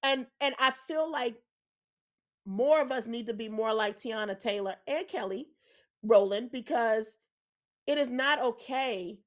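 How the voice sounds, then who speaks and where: A woman's voice: fairly high pitch, measured pace. A woman co-hosting a podcast, telling a personal story in an earnest, emphatic way. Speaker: podcast co-host. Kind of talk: casual opinionated chat.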